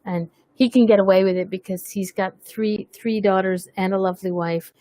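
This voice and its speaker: A woman's voice: medium pitch, fairly even intonation, moderate pace, warm tone, no echo. A woman hosting a webcast, chatting casually, teasing herself and laughing often. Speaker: webcast host. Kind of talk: casual chat.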